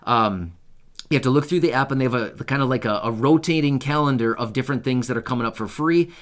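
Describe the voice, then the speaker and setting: A YouTube host covering benefits news talks casually to camera in a chatty, informal way, scattering fillers and asides and checking in with "right?" again and again. His voice is mid-range for a man, with a fairly bright tone.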